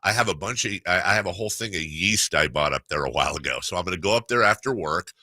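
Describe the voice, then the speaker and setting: A man's voice: low-pitched, expressive, quick pace, bright, forceful tone, no room sound. A middle-aged man hosting a sports radio show, rambling and laughing through a casual story. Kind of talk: casual chat.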